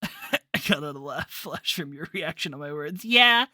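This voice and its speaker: A woman's voice: low voice, lively intonation, a little slow, bright, forceful tone, no room sound, clean studio sound. A woman streamer chatting bluntly through a game playthrough, laughing and cursing as she reacts. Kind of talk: casual game playthrough commentary. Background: faint lo-fi music.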